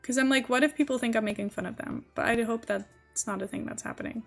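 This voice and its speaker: A woman's voice: a little high, fast talker, gravelly, soft background music. A young Dutch-born woman streamer with a mixed American-British accent, chatting casually in a rambling way with lots of fillers. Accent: mixed Dutch-born English, partly American, partly British. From Netherlands. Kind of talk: casual chat while game streaming.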